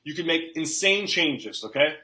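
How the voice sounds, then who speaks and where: Man, fitness coach, high-ish voice, emphatic motivational talk, echoey room. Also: animated, moderate pace, sharp tone. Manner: emphatic, repeats "okay?", acts out quotes.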